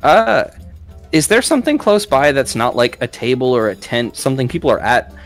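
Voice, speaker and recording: A man's voice: medium pitch, sing-song, brisk, soft background music. A man playing in a tabletop game, casually describing his character's actions. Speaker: player. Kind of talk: tabletop role-play.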